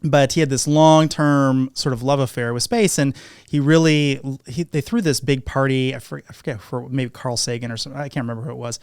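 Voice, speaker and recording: With a clear, resonant medium-pitched voice, a man on a podcast recounts an anecdote fairly quickly and acts out the dialogue with animation. It is casual storytelling from the host. The sound is echo-free and studio quality.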